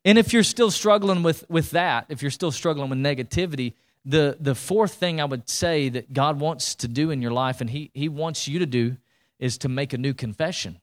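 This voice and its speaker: A pastor preaches with driving energy, repeating phrases and restarting sentences as he presses his point. His man's voice sits a touch higher than most, and he calls out to the congregation for response. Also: moderate pace. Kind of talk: sermon.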